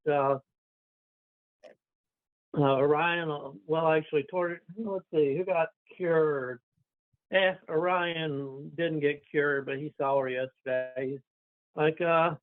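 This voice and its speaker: A man playing in a tabletop game, thinking aloud about what his character does. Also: fairly high pitch. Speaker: player. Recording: tinny phone-like line.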